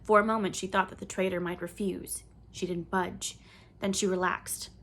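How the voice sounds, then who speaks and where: A woman reading a children's novel aloud in clear, measured storybook narration. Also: medium pitch, little pitch movement, a bit bright. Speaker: audiobook reader.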